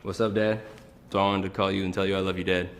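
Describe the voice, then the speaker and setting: A man's voice: sits low, little pitch movement, fast, background noise. A man chatting casually in a played video clip, joking and laid-back. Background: music.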